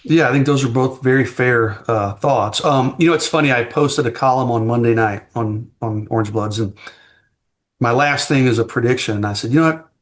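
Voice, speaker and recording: A man's voice: mid-range voice, normal speed. A man appearing as a guest sports writer in a casual podcast chat, giving frank, plain-spoken football analysis.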